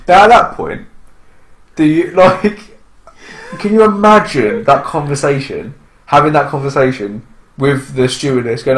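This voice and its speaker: Brit guy ranting in casual chat, swears a lot, kinda high voice, echoey room. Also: normal speed. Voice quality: sweary, incredulous, animated. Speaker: podcast co-host. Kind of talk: casual banter.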